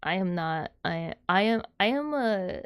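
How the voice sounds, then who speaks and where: A woman's voice: mid-range voice, animated, a little slow, clean tone. A woman livestreaming, chatting casually with her viewers in a rambling, giggly way, laughing often.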